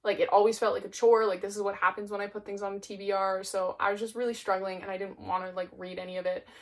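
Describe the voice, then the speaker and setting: A young woman reviewing her monthly reads on camera. She talks in a relaxed, rambling way, dropping "like" into nearly every sentence. Her voice sits at an ordinary middle pitch. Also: fast. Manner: chatty, peppered with "like". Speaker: book reviewer. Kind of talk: casual chat.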